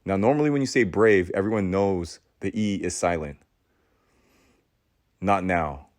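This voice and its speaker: Leaning into a sermon-like cadence, a male podcast host with a very deep, low voice delivers a preachy motivational talk, stammering into restarts, repeating key phrases, and pausing dramatically. The sound is close, dry, slightly mellow, and has no echo or room around it.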